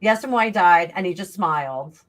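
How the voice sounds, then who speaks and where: A woman telling a long personal story in casual chat, rambling and animated, acting out the voices of the people in it. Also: fairly low pitch, a little fast. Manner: rambling, animated, acts out quoted dialogue. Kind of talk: casual storytelling on a live stream.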